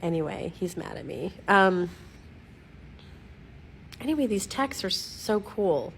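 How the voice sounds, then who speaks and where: A middle-aged woman at home giving a casual, rambling video update, giggling at herself, digressing often and clearing her throat. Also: mid-range voice, animated, takes it slowly, slight background noise. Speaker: vlogger updating followers. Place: at home, lying against her dog.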